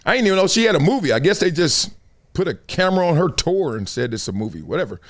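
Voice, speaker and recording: A middle-aged man hosting a live sports and culture stream, talking in loose slang with loud bursts and low asides. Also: fast. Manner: animated, slangy, jumps between loud bursts and low mutters. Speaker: show host.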